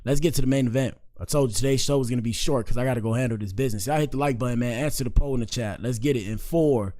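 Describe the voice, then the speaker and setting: A man's voice: mid-range voice, racing, mellow. Laid-back young man hosting casual commentary. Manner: laid-back, repetitive slang, says "bro" a lot. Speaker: commentary show host.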